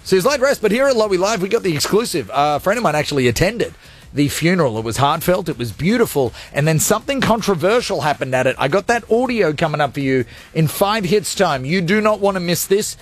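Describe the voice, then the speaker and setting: Lively, jokey radio host man. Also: high-pitched, fast. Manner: jokey, rambling, self-mocking. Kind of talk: energetic live radio show. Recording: studio with music underneath.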